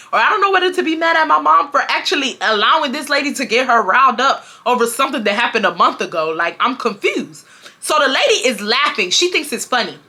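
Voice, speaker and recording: Animated bright-voiced young woman from Houston. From Houston, Texas. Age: 20s. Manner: animated, slangy, acts out quotes with big pitch jumps. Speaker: storytime vlogger. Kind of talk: casual storytelling to viewers.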